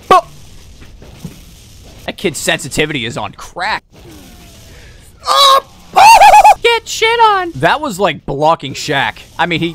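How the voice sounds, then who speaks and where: A young man giving casual, excitable commentary while playing a video game at home, often shouting at game moments. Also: mid-range voice. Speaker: gaming video creator. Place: home room.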